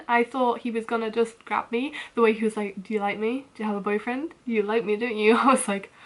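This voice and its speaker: A woman's voice: on the high side, fairly bright tone. A young woman telling a story to her camera in a rambling, casual rant, often breaking into nervous laughs. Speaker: vlogger.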